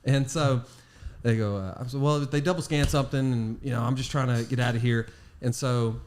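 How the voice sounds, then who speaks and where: A man's voice: mid-range voice, brisk, a little hiss or hum. Man telling a rambling story. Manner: rambling, animated anecdote with laughs. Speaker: podcast host. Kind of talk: casual storytelling chat.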